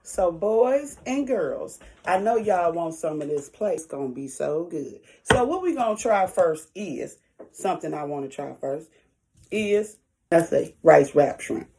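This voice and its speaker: A woman's voice: on the low side, expressive, measured pace, warm tone, a little hiss or hum. A woman talking casually to her viewers in an eating vlog, chatty and folksy, chewing while she talks. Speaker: food vlogger.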